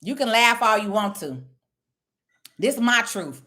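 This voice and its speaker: Blunt, preachy woman with a bright voice. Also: fairly high pitch, sing-song, unhurried. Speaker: online commentator. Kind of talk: casual direct-to-camera talk.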